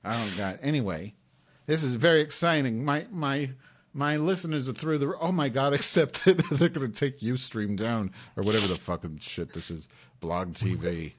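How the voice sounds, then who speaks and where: Brief: male stream host, mid-pitched, excitable and sarcastic, headset mic, comic live chat. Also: normal speed, husky. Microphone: headphones with mic.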